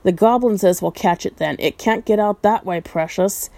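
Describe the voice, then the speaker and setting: A woman's voice: mid-range voice, moderate pace, vocal fry, mellow, no room sound, lightly acted. Gollum, a woman doing a hissing cave creature. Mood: muttering. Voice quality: hissing, talks to himself. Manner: whiny, broken grammar, repeats words. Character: wretched hissing old male cave creature, obsessive.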